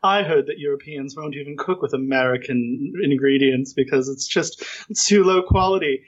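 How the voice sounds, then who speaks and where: A man's voice: mid-range voice, normal speed, dull audio, natural voice. A man voicing a snooty, self-important woman on the radio, in a haughty tone.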